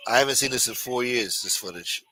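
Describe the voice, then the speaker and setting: A man's voice: mid-range voice, a little fast, sharp tone, breathy edge, faint music behind, low-quality recording. A man hosting a late-night live stream in a loose, profane, teasing way, reading and answering viewer chat. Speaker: live show host.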